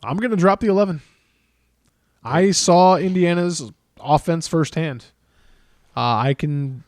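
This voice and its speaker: A man's voice: a little high, a little slow, long pauses, darkish tone, dry recording, clean studio sound. A man co-hosting a casual sports chat, blunt and opinionated, often repeating himself as he makes his picks. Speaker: podcast co-host.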